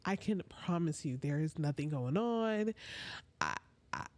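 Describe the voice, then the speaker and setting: Lady on a livestream telling a story, kinda low voice, chatty, whispers the asides. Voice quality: chatty, drawn-out storytelling full of "like" and "honey". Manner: animated, drops into whispers for asides.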